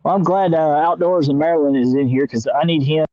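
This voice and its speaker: A man's voice: fairly high pitch, fairly quick, dry recording. An American man hosting a fishing livestream who chats casually and teases along in a playful, easygoing way. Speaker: fishing channel host. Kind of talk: casual chat. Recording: dull, lo-fi call audio.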